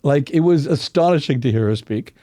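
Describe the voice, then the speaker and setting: A man's voice: fairly high pitch, lively intonation, a little fast, mellow, no echo. A man working as a voice coach, explaining dialect sounds in a casual interview and acting out vowels as he goes. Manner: demonstrates vowel sounds, clears throat often. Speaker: voice coach guest.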